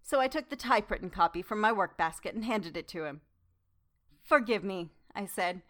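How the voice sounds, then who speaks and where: A woman narrates a classic novel in the first person, keeping her reading measured and demure. Her voice sits in a middle register, neither high nor low. She takes on the heroine's own voice as she reads. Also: expressive, fairly bright tone. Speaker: audiobook narrator.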